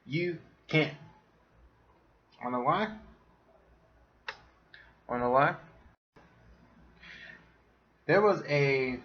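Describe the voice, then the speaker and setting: A man's voice: fairly high pitch, takes it slowly, dull audio, a little hiss or hum. A man hosting a casual solo podcast, ranting with lots of swearing and frequent laughter. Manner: profane, animated, laughs often. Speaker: podcast host.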